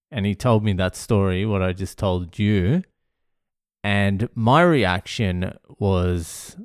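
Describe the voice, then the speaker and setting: A man's voice: lowish voice, smooth, no echo, clean studio sound. A man telling a story to camera in a blunt, sweary way, getting worked up as he talks. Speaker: vlogger.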